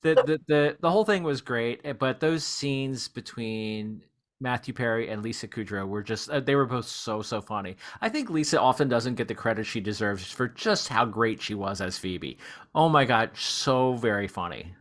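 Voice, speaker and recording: A man's voice: mid-range voice, lively intonation, moderate pace, a bit bright. A man hosting a casual podcast chat, laughing often and drawing out his praise. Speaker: podcast host.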